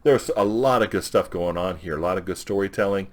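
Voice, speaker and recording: A man giving a casual, rambling review of a comic issue, recapping scenes and quoting characters' dialogue. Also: sits low. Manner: rambling, with restarts and quick quoted dialogue.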